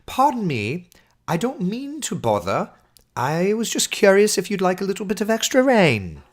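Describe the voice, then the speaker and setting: A man voicing a tropical storm as an overly polite gentleman, in a put-on British accent. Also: high voice, wildly swooping pitch, moderate pace, pitched above the performer's own voice, full character voice. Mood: polite, apologetic.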